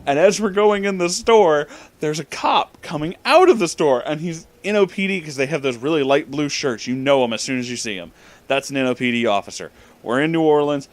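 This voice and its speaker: A young man spins a rambling anecdote in a relaxed vlog voice. He curses freely and keeps cracking himself up as he goes. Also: mid-range voice, moderate pace. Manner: profane, laughs often. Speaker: vlogger. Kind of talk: casual storytelling.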